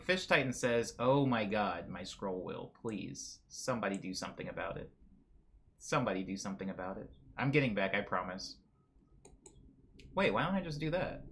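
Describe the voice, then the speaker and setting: Male streamer, bright lively voice, chatty and self-correcting while reading chat. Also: mid-range voice. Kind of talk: casual chat reading viewer messages.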